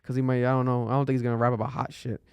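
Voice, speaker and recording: A man hosts a podcast in a mid-range, creaky yet smooth and slightly mellow voice, talking very fast with a flat delivery. He's loose and chatty, cursing often and using many fillers, with no room sound.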